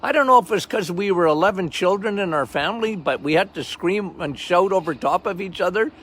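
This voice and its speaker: Older male doctor-host, loud and emphatic, slightly higher-pitched, off-the-cuff monologue. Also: lively intonation, fairly quick, slightly rough. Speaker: health podcast host, doctor. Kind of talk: casual monologue.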